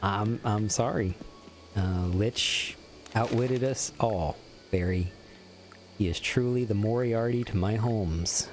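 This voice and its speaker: A man's voice: fairly low pitch, slow pace, soft background music. A young man streaming a game, chatting casually and teasing his viewers as he reads their messages aloud. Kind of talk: casual gameplay commentary.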